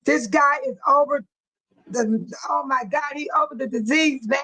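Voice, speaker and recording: High-voiced woman hosting a casual stream. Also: moderate pace, pushed and bright, rough recording. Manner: chatty, laughing often, colloquial storytelling. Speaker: live stream host. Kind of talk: casual chat with viewers.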